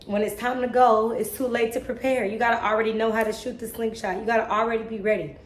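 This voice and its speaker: This vlogger is a young woman whose voice sits on the high side, with little pitch movement and a fast pace in a roomy-sounding space. Speaking to camera about faith, she comes across earnest, a bit tearful, preachy and self-motivating, dropping casual slang.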